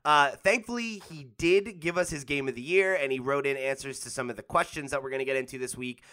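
A man's voice: medium pitch, brisk, pushed and bright, clean tone. A man hosting a casual gaming podcast, bantering and laughing easily with his co-host.

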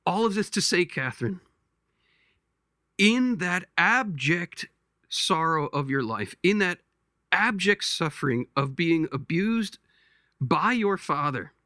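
Bright-voiced man, slow and halting. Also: high-pitched, animated, dry recording, clean studio sound. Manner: gentle, halting, repeats words as he searches. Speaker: podcast host. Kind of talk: slow pastoral reflection.

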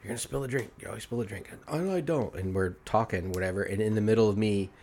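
A man in his thirties hosts a casual podcast chat at a barbershop, his lowish voice racing and a little mellow. He's a blunt storyteller who swears and laughs often.

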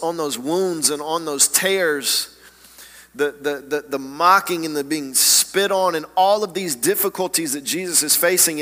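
Bright-voiced guy preaching, keeps repeating words, big echoey church hall. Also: a little high. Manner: halting, repeats words, earnest. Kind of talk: sermon. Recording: long hall reverb.

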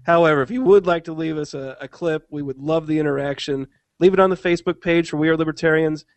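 A man's voice: a little high, fast, vocal fry, dry recording. A man hosting a casual podcast, earnest and often stumbling over his words and restarting. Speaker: podcast host.

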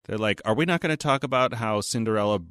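Man co-hosting a podcast, lowish voice, dry close sound, casual storytelling. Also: fast, a bit bright, clean tone, dry recording. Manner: storytelling, quotes people in put-on voices. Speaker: podcast co-host. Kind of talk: casual chat.

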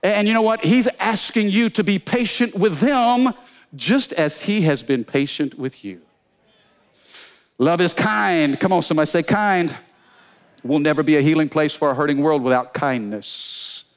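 A man preaching a sermon as pastor, energetic, telling funny stories and calling out to the congregation. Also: a little high, moderate pace. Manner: energetic preaching with call-and-response; storytelling with humor.

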